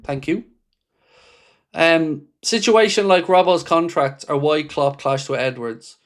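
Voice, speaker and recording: A man with a somewhat high voice hosts a football fan livestream. He reads viewer comments aloud and answers them bluntly and with passion, swearing freely as he goes. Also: slow. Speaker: football fan channel host. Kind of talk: livestream reaction chat.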